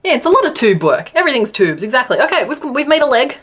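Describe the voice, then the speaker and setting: A woman's voice: sits high, sing-song, quick pace, a bit bright. An Australian woman chatting casually on a live stream while she crochets, answering her chat and laughing often.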